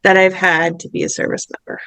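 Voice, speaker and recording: A woman's voice: fairly low pitch, fairly quick, vocal fry, dry recording, rough recording. A woman on a casual roundtable podcast, telling stories with feeling and acting out the dialogue, close to tears. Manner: animated storytelling, acts out quoted dialogue. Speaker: roundtable guest, event vice president.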